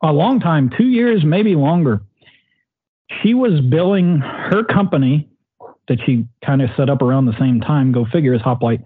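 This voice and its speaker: Husky man on a tinny line. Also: fairly high pitch, expressive. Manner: quick, blunt, chimes in, quotes others. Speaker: podcast co-host. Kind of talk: casual profane chat.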